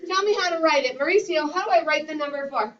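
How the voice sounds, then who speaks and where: A woman's voice: sits high, fast talker. A woman teaching a classroom math lesson to young children, leading them in sing-song call-and-response. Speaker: kindergarten teacher. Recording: roomy, distant, dull classroom recording.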